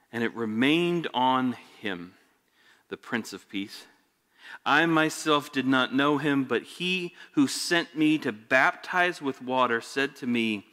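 A man preaching a sermon, expressive, stumbling over repeated words, swinging between loud emphasis and hushed lines. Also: mid-range voice. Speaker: pastor. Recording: echoey hall reverb.

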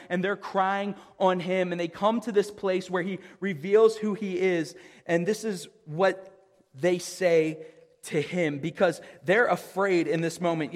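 Man, high voice, sermon, casual conversational delivery, restarts phrases, long hall reverb. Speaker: pastor.

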